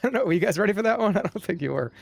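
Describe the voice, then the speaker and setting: A man's voice: sits high, animated, rapid-fire, creaky. A man streaming a game live, chatting to viewers in a joking, rambling way. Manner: joking, rambling, talks to chat. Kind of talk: live-stream gameplay commentary.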